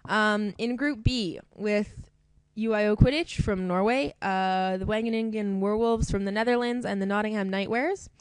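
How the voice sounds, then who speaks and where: A woman's voice: mid-range voice, fairly even intonation, moderate pace, few pauses, clear, resonant tone, no echo. A young woman presenting a sports group draw in a casual, chatty way, laughing often between team names. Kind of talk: casual live announcing.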